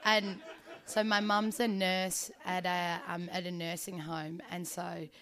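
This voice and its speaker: A woman's voice: on the low side, level tone, takes it slowly, a bit bright. A woman, telling an unscripted personal story at a story slam, rambling and casual with lots of ums and likes. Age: 20s.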